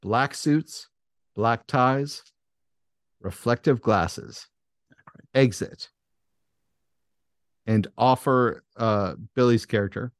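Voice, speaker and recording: A man narrating a tabletop game as game master, slow and dramatic, swearing casually. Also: mid-range voice, clean tone, no echo, clean studio sound.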